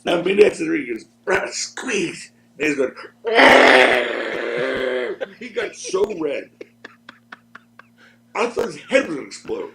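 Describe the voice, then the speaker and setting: A man's voice: mid-range voice, sing-song, slow pace, gravelly, long pauses, pushed and bright, slight background noise, rough recording. A man in his sixties from Philadelphia, a podcast guest telling stories in a laid-back way, laughing at his own tales and swearing freely. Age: 60s. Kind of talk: casual storytelling in a podcast interview.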